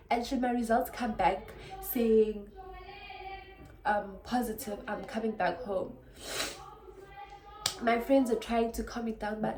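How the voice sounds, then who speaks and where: A young South African woman tells a story to her camera in a chatty, animated way, switching between languages now and then. Her voice sits at a middle pitch, and the room around her echoes, with a faint hum of ambience underneath. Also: a little slow. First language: Xhosa. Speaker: vlogger. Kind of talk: casual storytime.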